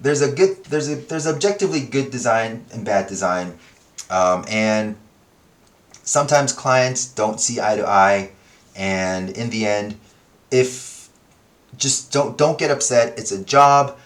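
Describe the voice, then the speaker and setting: Rambling, lively-voiced man in an echoey room. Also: medium pitch, measured pace. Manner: rambling, swears freely, self-correcting. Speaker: podcast host. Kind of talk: casual podcast monologue.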